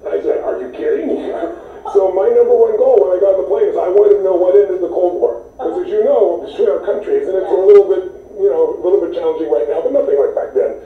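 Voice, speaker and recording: A man's voice: high voice, fast. A man from the United States, an interview guest telling stories in an enthusiastic, emphatic way. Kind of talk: animated storytelling. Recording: tinny, echoey, distant sound.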